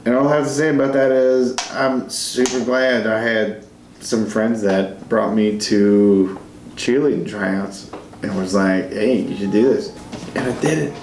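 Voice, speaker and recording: Rambling young man, slow and roomy. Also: fairly low pitch, fairly even intonation, a little mellow, slight background noise. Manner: rambling, laughing, acts out quotes. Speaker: groom telling his love story. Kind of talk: tipsy storytelling to camera.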